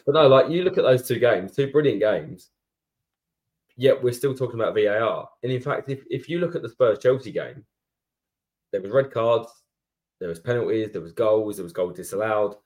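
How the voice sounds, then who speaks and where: A man co-hosting a football podcast, making a measured, reasoned argument in casual chat. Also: lowish voice, lively intonation, darkish tone. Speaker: podcast co-host.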